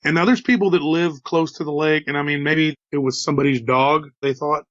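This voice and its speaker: A man's voice: a little high, steady tone, fairly quick, a bit bright, no room sound, highs cut off. A man with a slight Texas drawl telling a story in a casual, chatty way, with folksy asides to his listeners. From Texas, USA. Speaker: host telling encounter stories.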